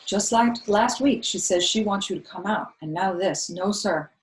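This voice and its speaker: A woman's voice: medium pitch, normal speed, lightly acted. A woman voicing a scolding family cook. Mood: lecturing. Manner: scolding, exasperated, loud. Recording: roomy echo.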